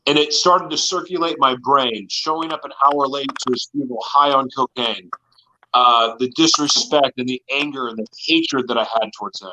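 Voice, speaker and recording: A man's voice: mid-range voice, moderate pace, pushed and bright, slight background noise, rough recording. A man in an interview, telling his personal story in an earnest, confessional way. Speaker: guest.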